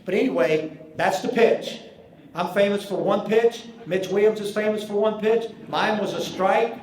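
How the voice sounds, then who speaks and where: A man in his sixties from North Carolina with a Southern accent, telling folksy, animated stories as a banquet keynote speaker. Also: high-pitched, moderate pace. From Charlotte, North Carolina. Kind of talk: after-dinner storytelling speech. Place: large banquet hall. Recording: echoey banquet hall with faint ambience.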